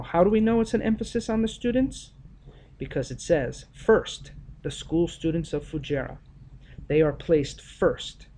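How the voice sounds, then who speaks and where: A male teacher giving an explanatory grammar lesson, speaking deliberately and stressing the key words of example sentences. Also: a little high, mellow, slight background noise.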